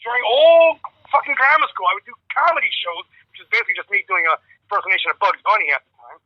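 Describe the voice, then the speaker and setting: A man's voice: sits high, big pitch swings, quick pace, no echo, dull audio. A man, a rock guitarist guest in a casual phone interview, rambling and swearing as he tells stories and laughs often.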